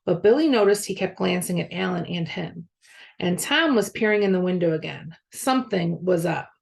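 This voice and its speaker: A school media specialist, a woman, reading a children's novel aloud in clear storybook narration. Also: on the low side, lively intonation, moderate pace.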